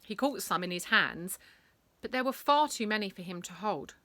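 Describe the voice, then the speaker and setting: A woman reading a bedtime story, animated, acting out sound effects and dropping to whispers. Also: medium pitch, moderate pace, no echo.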